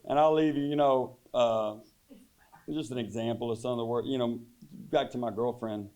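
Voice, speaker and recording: A man, a high school football head coach, giving a deadpan joking banquet speech full of rambling fillers. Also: moderate pace.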